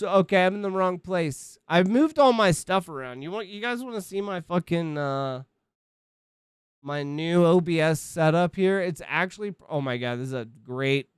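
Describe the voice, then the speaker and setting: Chatting on a livestream from home, a man in his thirties rambles, curses, and interrupts himself mid-thought. His fairly high voice comes across clear and resonant, with no echo.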